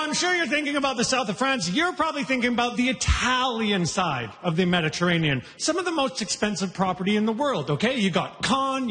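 High, bright man doing brash stand-up. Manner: brash, conversational, crowd-working. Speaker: stand-up comedian. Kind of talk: stand-up comedy set. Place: comedy festival stage before a live audience. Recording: live show in a reverberant hall. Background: audience laughter.

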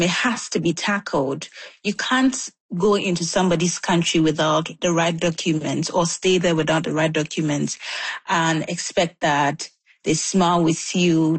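A woman's voice: fairly low pitch, husky, no room sound. A woman interviewing a guest, asking probing questions in a conversational way. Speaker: news interviewer.

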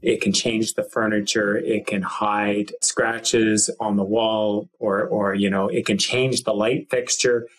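A man's voice: fairly low pitch, level tone, slow pace, hardly any pauses, low-quality recording. A male college lecturer explaining a technical point in an interview, with frequent ums.

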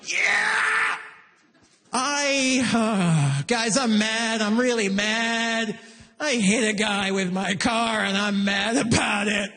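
A man doing a stand-up comedy set on stage, animated, with loud exclamations and sudden squeals. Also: high voice, takes it slowly. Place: comedy stage in a reverberant hall. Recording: live hall with long reverb.

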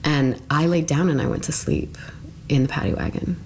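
A woman's voice: low voice, big pitch swings, normal speed, vocal fry, darkish tone, slight background noise. A young woman recounting her own experience in an interview, conversational and full of fillers. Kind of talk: personal recollection in an interview.

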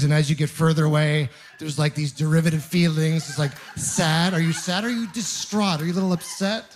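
Wry, self-mocking male stand-up comic. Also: a little high. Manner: wry, self-mocking storytelling with rapid rhetorical questions. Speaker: stand-up comedian. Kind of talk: stand-up comedy set.

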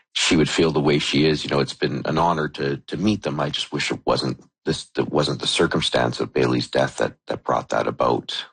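A man's voice: a bass voice, slightly rough. A man, a member of parliament, answering in a radio interview with stumbling restarts and a sincere tone. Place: remote studio.

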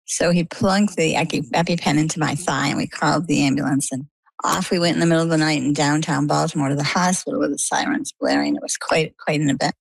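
A woman from Maine, an interview guest, telling a personal story with lively storytelling and acted-out dialogue. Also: low-pitched, quick pace, vocal fry, husky, no echo, low-quality recording. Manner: animated storytelling, acts out quoted dialogue.

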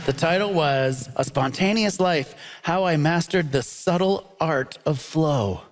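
A man hosting a live comedy debate show on a theatre stage, quick and quippy, laughing between his lines. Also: on the high side, long reverb tail. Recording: live audience laughter and ambience.

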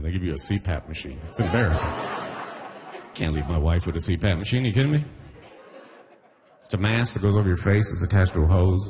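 A man's voice: low-pitched, noisy background. A Caribbean man with a Trinidadian accent performing a chatty stand-up comedy set on a club stage. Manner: chatty, peppered with "you know what I mean".

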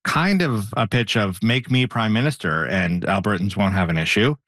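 A man on a political panel, giving measured analysis with frequent "you know" fillers. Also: on the low side, fairly bright tone, no echo.

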